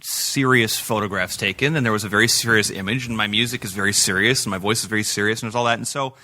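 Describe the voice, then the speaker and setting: A man's voice: on the low side, quick pace, sharp tone. A man being interviewed on a podcast, chatting casually with self-deprecating humor and frequent laughs. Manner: self-deprecating, laughs often, rambling asides. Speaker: guest singer.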